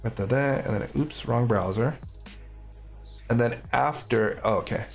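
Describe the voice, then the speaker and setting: A man narrates his own coding session on a live stream, thinking aloud as he goes. His talk is casual and upbeat, at an unhurried pace and a middle pitch, with faint music underneath. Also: creaky.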